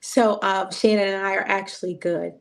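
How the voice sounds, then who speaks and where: Gravelly-voiced woman preaching her testimony. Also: medium pitch, flat delivery, normal speed. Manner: preachy, emotional, repetitive phrasing. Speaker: host. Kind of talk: casual testimony chat.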